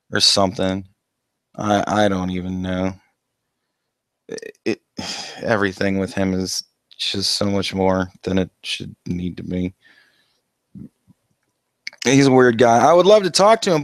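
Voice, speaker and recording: A man's voice: on the low side, creaky, no room sound. A man hosting a casual call-in livestream, rambling and swearing and restarting his sentences, heard through a headset. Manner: rambling, profane, laughs often, restarts sentences.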